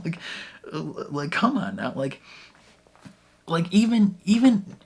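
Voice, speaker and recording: A man hosting a reaction vlog in casual, animated talk, laughing between phrases and leaning heavily on "like" as a filler. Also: a little high, takes it slowly, long pauses, breathy edge. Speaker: reaction channel host.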